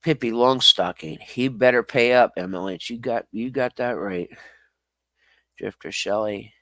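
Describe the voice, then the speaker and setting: A man's voice: mid-range voice, a little slow, pushed and bright, no room sound. A man streaming live, reading chat comments aloud and answering them bluntly. He swears freely, laughs often and talks straight back to his viewers.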